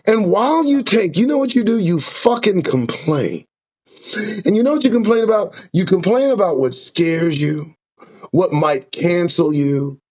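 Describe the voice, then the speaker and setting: A man hosting a streamed talk show, preaching in a fiery, profane rant. His voice sits high and swoops widely up and down. The sound is dull and lo-fi. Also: unhurried. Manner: profane, preaching, lively ups and downs. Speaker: show host. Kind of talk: impassioned ranting commentary.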